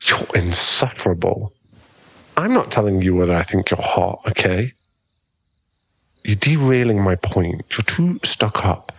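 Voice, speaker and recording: Male voice actor as a cocky young rival for an ASMR role-play: gravelly, slow and smug, always teasing. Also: low-pitched, expressive, fairly bright tone, no room sound, exaggerated voice. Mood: smug mocking. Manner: taunting, smug, chuckling. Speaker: ASMR roleplay performer.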